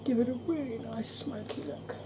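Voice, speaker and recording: A woman chatting gently through an ASMR makeup tutorial, calling viewers "darling". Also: a little high, normal speed, noisy background. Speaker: beauty vlogger.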